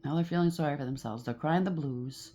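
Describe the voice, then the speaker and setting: A woman's voice: low-pitched, brisk, mellow. A woman doing a casual tarot reading, blunt and emphatic, with a lot of repetition as she calls out the cards. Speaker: tarot reader.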